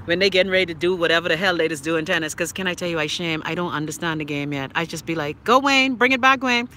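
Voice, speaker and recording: A loud, cussing Bahamian woman in her fifties hosts a livestream, speaking with a Bahamian accent. Her voice is bright and cutting, and she rants freely into a phone. Faint street and traffic noise hums behind her outdoors. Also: low-pitched, racing. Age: 50s. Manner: loud, profane, animated ranting. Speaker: livestream host. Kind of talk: casual livestream chat.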